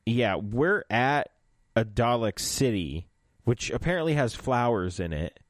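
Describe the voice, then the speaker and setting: A man's voice: mid-range voice, animated, measured pace, no room sound, clean studio sound. A man co-hosting a podcast, chatting casually and animatedly, often laughing as he recaps a story. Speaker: podcast co-host. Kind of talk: casual chat recapping an audio drama.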